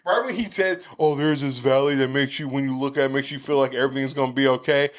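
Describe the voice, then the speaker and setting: A man in his thirties co-hosting a podcast, telling stories in a casual, profane, animated way. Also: medium pitch, fast. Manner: profane, storytelling, animated retelling. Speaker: podcast co-host. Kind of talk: casual chat.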